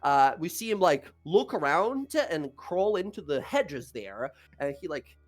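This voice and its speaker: A man's voice: on the high side, very animated, a little slow. A man running a tabletop game as game master, narrating loosely with lots of fillers.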